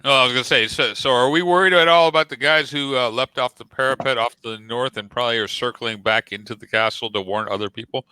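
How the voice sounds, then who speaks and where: A man's voice: medium pitch, fast, few pauses, bright, forceful tone, clear, resonant tone, no echo. A man playing a tabletop game, talking hesitantly with stammering restarts. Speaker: player. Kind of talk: casual tabletop play.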